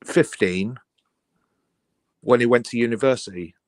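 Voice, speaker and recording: A man's voice: mid-range voice, a little slow, no echo. A man caller on a live stream. He is polite and methodical and lays out details step by step, with a close, dry sound. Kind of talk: casual call-in chat.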